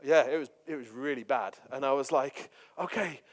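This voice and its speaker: A man's voice: medium pitch, a little fast, long reverb tail. A man, a pastor telling chatty, self-deprecating stories in a sermon. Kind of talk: storytelling sermon.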